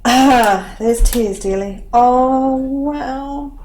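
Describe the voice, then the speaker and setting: A woman's voice: sits high, very slow, darkish tone. A woman filming a crafting unboxing vlog, gushing and tearful with lots of oohs and wows. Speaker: crafting vlogger.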